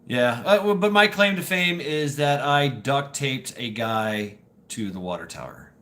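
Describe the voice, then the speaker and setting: This livestream host loosely narrates stories to chat, swearing and laughing along the way. His voice is mid-range and animated, fairly bright in tone, with a slightly slow delivery.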